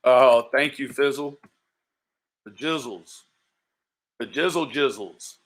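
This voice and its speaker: A man's voice: medium pitch, slow, fairly bright tone. A man hosting a livestream, talking casually, profane and taunting, calling out to viewers by nickname. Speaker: livestream host.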